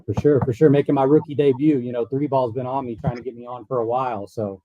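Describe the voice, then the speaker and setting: A man appearing as a podcast guest, chatting in a relaxed, rambling way. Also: medium pitch, fast talker, dull audio, background noise. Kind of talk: casual podcast chat.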